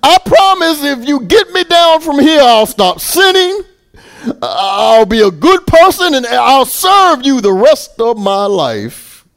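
A man voicing a panicked man dangling from a cliff, yelling and begging for help in a much higher, louder voice. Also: big pitch swings, unhurried, exaggerated voice. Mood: pleading. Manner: frantic, pleading yells.

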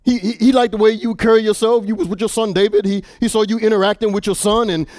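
A preacher putting on a male cashier who stumbles over his words in eager, quick bursts. The voice sits high for a man and sounds close and dry. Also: dry recording, close to an everyday voice. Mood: excited. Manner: stammering, hurried, excited. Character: store cashier, man, eager to share good news.

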